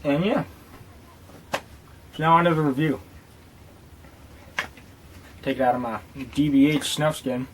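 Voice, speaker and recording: A man's voice: fairly high pitch, measured pace, pauses often, slight background noise. A man rambling through a casual vlog story and product review, swearing freely and joking as he goes. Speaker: tobacco dip reviewer.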